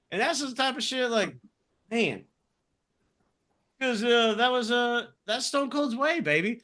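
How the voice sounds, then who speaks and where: A man with a high, bright, sharp voice holds forth on a podcast. He rants in a heated, swearing flood of casual talk, a co-host in his thirties. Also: big pitch swings, unhurried. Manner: profane, heated ranting. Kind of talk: casual chat.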